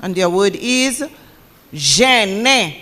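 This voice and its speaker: A woman's voice: medium pitch, lively intonation, extremely slow, sharp tone. A woman acting as pronouncer at a spelling bee, saying each word twice and spelling out corrections letter by letter. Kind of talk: competition announcing.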